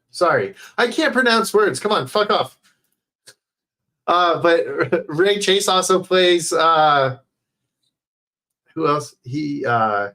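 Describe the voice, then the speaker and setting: A male streamer speaks through a headset mic in an unhurried, rambling way. His voice sits slightly high, and he swears casually and fills gaps with hesitations. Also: fairly bright tone. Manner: rambling, swears often, many fillers. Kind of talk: casual livestream chat.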